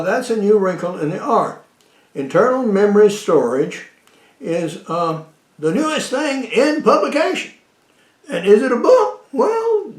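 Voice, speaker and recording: Slow, sing-song man cooking in an echoey room. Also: high-pitched. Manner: slow, rambling, with frequent uh fillers and dry jokes. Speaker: cooking show host. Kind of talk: casual cooking demonstration.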